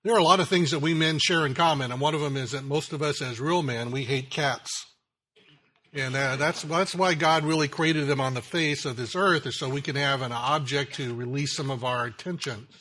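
A man preaching a sermon, slow and deliberate, telling a joke story and letting his phrases drop low and quiet at the ends. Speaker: pastor.

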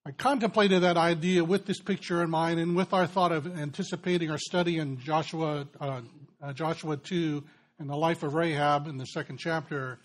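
A man's voice: on the high side, steady tone, normal speed. A middle-aged man preaching a sermon to a men's group, telling a story in an earnest, conversational way. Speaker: pastor.

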